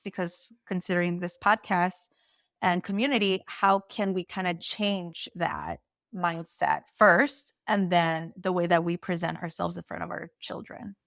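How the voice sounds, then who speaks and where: A woman hosts a podcast conversation, asking thoughtful questions with small hesitations. Her voice sits low and has a gravelly crackle. The sound is dry and close. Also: a bit bright, dry recording. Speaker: podcast host and mother.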